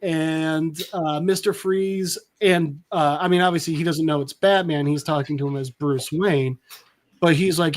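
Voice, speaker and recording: A man's voice: fairly high pitch, fairly even intonation, unhurried. A man hosting a podcast, recapping a comic in a casual, rambling way with lots of fillers. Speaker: podcast host.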